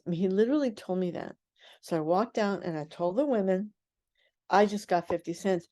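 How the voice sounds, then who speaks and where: An older woman who is a guest on a radio interview, recounting her past in an animated way and acting out the voices of people she quotes. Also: mid-range voice, fairly quick. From United States.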